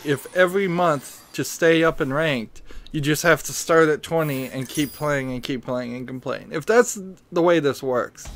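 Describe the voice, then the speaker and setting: A man's voice: medium pitch, fairly bright tone. A man streaming a card game who has just woken up and still has his morning voice, rambling hesitantly as he thinks aloud in casual commentary. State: groggy morning voice, just woke up.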